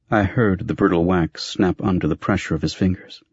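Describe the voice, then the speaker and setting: A man narrating a novel in measured, even storytelling. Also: deep voice, breathy edge, dry recording. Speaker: audiobook narrator. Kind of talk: scripted narration. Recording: dry, slightly muffled recording.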